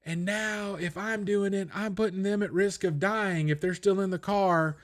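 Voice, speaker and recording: A man mimicking a shrill, outraged local. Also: steady tone, moderate pace, close to an everyday voice. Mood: outraged whining. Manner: indignant, shrill complaining. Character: outraged fussy local resident, whiny adult.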